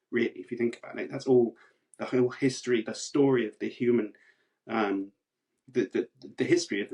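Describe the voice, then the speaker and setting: Man, panelist, casual chat, exasperated, argumentative, rhetorical questions. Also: medium pitch. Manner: exasperated, argumentative, many "like" and "right?" tags. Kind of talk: casual discussion.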